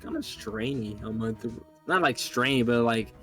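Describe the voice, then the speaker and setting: A man's voice: mid-range voice, lively intonation, normal speed, pushed and bright, soft background music. A man streaming a game live, chatting casually, rambling and swearing as he jokes with a friend.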